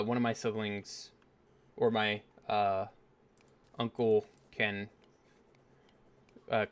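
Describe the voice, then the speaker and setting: Male gaming host, mid-pitched, chatty and rambling, casual storytelling with lots of "uh"s. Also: fairly bright tone, clean tone. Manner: rambling, full of fillers and self-mocking asides. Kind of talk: casual storytelling while playing.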